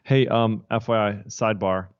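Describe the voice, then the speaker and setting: Low-voiced chatty man. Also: normal speed, clear, resonant tone, no echo, lo-fi sound. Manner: chatty, rambling storyteller with many fillers and laughs. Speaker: podcast co-host. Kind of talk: casual tech podcast chat.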